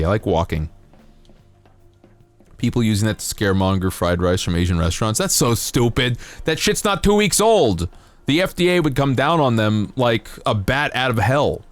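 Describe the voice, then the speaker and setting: A young man streaming a game, chatting casually in rambling, profane, self-mocking rants. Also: on the low side. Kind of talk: casual live-stream chat while gaming.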